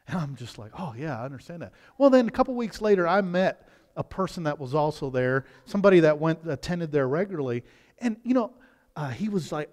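Animated preacher in an echoing church. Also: male voice, on the high side, moderate pace. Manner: conversational preaching with frequent restarts, swings from loud to hushed. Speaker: pastor. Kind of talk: sermon. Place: church sanctuary. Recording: long hall reverb.

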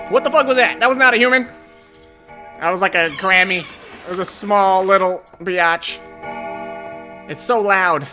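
Jumpy bright-voiced swearing gamer man. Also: high-pitched, expressive, measured pace, long pauses, faint music behind. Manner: jumpy, swearing, jokey panic. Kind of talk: horror game commentary.

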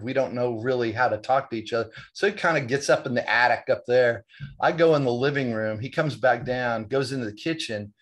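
A man's voice: mid-range voice, a bit bright. A man, a podcast guest, telling an earnest, confessional personal story and quoting the dialogue as he goes.

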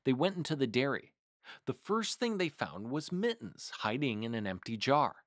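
A man hosting a storytime, reading a picture book aloud in a measured, expressive way. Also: medium pitch, dry recording, studio quality. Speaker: storytime host.

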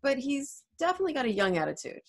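A woman's voice: high voice, very animated, fast, a little hiss or hum. A woman English teacher from the United States, chatting casually as she explains a play's scene to her students. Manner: chatty and explanatory, laughs easily. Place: home room. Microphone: desk mic.

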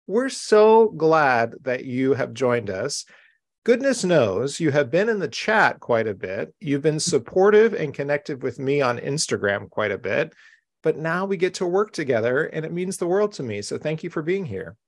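A man's voice: a little high, very animated, moderate pace. A man hosting a live-streamed craft show from home, chatty, upbeat and welcoming. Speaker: host.

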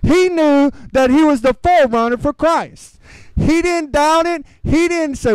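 A man's voice: extremely high pitch, a little slow, dry recording, low-quality recording. A man preaching a sermon as pastor, repeating rhetorical questions, calling for amens, and using informal, earnest phrasing. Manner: repetitive rhetorical questions, calls for amen.

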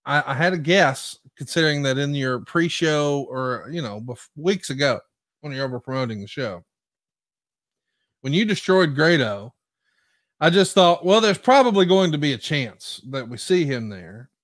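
A man co-hosts a casual podcast, telling stories with animated energy. His voice sits a little high, and the sound is dry and close to the mic. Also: normal speed, no echo. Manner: animated storyteller, acts out quotes. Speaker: podcast co-host. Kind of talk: casual chat.

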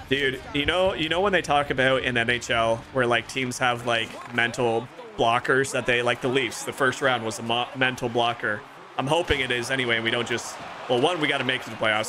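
A young man commentates his own hockey game in an excitable play-by-play style, his voice at an ordinary middle pitch. Music plays clearly in the background the whole time. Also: a little fast. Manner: excitable play-by-play, rising to shouts. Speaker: gaming streamer. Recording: music playing clearly behind.

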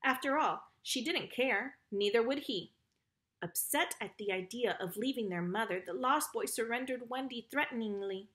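A woman narrating a children's storybook in an expressive, lively reading. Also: on the high side, normal speed.

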